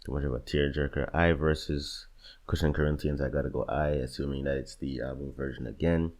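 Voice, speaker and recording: A man's voice: a bass voice, fairly even intonation, fairly quick, a little mellow. A young man in casual reaction commentary, agonizing over picks between songs, swearing and muttering to himself. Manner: agonized, swears often, talks to himself while choosing. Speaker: music bracket creator.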